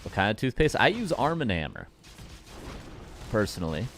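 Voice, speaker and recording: A man with a very low voice that still swings up and down a lot casts game replays live. He jokes with his viewers between plays. A faint noise sits under his voice. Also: sing-song, moderate pace, a bit bright. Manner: joking, playful, chats with viewers. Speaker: caster.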